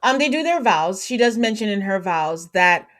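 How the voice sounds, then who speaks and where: A woman's voice: mid-range voice, moderate pace. A woman hosting a podcast, chatting casually and acting out quotes with lots of laughter. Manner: animated, laughing, acts out quotes. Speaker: podcast host. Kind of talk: casual recap chat.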